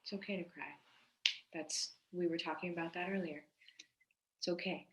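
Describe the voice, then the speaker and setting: A woman's voice: fairly low pitch, fairly even intonation, normal speed, echoey room, slight background noise. A woman hosting a video call, praising speakers with emphatic repetition. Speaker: host.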